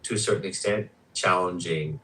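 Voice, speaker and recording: A man's voice: low-pitched, moderate pace, noisy background. Insistent man in a heated debate. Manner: insistent, keeps interrupting, profane. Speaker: debate panelist.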